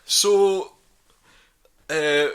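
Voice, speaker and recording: A man's voice: sits high, extremely slow, background noise. A man co-hosting a podcast, chatting casually in a rambling, joking way with plenty of fillers. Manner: rambling and jokey, many fillers. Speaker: podcast co-host.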